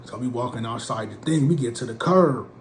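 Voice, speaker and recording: A man from Portland telling a comic story in an animated, slangy way. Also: medium pitch, fairly quick, a little hiss or hum. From Portland, USA. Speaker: comedic storyteller. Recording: roomy with faint ambience.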